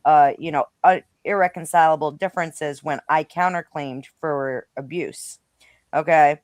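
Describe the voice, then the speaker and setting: A woman's voice: low voice, fairly even intonation, measured pace, darkish tone, no room sound. A woman speaking bluntly and swearing freely as a panelist in a casual political chat. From Rhode Island.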